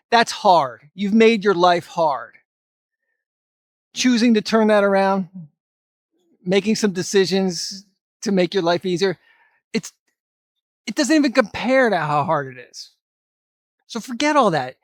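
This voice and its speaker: Blunt, high-voiced motivational man. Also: no echo, studio quality. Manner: blunt, emphatic, mild cursing. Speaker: fitness vlogger. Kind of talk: motivational talk to camera.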